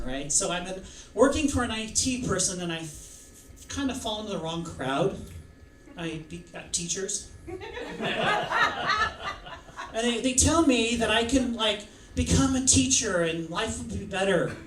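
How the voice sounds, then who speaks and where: A man's voice: sits high, slight background noise. A man doing rambling, self-deprecating stand-up comedy in a comedy club. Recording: echoey club, mic from far off.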